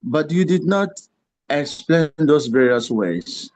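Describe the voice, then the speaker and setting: A man's voice: fairly high pitch, lively intonation, a little mellow, no room sound, rough recording. A man from the audience on a video call, respectfully and hesitantly working up to his question. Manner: respectful, hesitant, with many pauses. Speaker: audience member asking a question.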